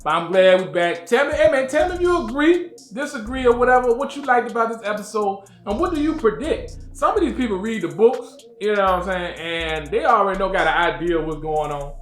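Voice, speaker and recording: A man talks through his take on a TV episode in loose, slangy commentary, addressing his viewers directly. His voice sits high and swings widely in pitch. The room adds a noticeable echo, with faint music underneath. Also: lively intonation, a little fast, hardly any pauses. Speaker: TV episode reviewer, channel host. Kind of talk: casual review commentary.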